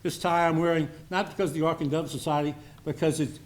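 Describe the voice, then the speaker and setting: A man's voice: on the high side, steady tone, fast, a little hiss or hum. An older man from Maryland giving a rambling, folksy speech to a society meeting, with many fillers and restarts. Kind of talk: informal after-dinner speech.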